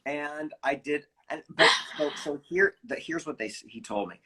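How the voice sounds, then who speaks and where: A man, a voice actor, telling animated behind-the-scenes anecdotes in a casual interview, with quick restarts. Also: on the high side, slight background noise. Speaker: voice actor guest.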